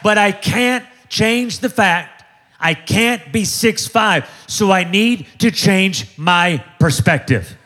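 A man in his forties preaching an energetic sermon, joking with the crowd and driving points home with call-and-response repetition. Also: high voice, takes it slowly. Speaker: pastor.

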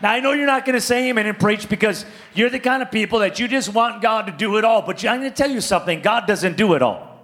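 A pastor from California telling a comic story in a sermon, animated and playful, calling out to his congregation. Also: high voice, quick pace.

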